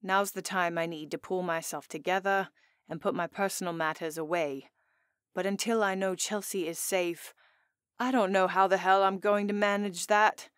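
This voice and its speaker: A woman's voice: medium pitch, steady tone, normal speed, fairly bright tone, no room sound. A woman narrating a first-person romance audiobook in an intimate, earnest storytelling manner, on a close studio mic.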